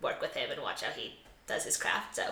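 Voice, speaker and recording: A woman's voice: brisk, sharp tone. A young woman co-hosting a podcast, enthusiastic and peppered with "like". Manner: enthusiastic, says "like" a lot. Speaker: podcast co-host and TV writer. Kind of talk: casual chat. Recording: echoey room with faint background noise.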